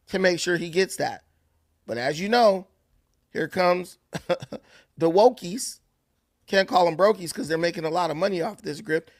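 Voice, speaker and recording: A man's voice: high voice, no room sound, clean studio sound. A man delivering opinion commentary in an emphatic, sarcastic, ranting way. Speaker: political commentator.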